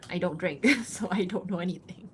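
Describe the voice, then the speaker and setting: A woman livestreaming while she draws, casually reading out and answering chat, chatty and quick to giggle, thinking aloud with fillers. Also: lowish voice, a bit bright, a little hiss or hum. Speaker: livestreaming artist.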